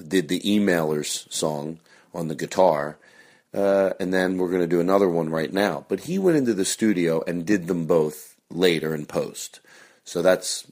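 Deep-voiced man hosting, soft-spoken. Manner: hushed and soft at times. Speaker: podcast host. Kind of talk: casual chat recorded afterwards.

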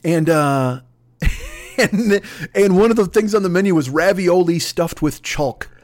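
A male comedy podcast host on a profane, rambling rant. His voice is high and very animated, jumping up and down as he gets worked up. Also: a little slow. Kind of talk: comedic monologue.

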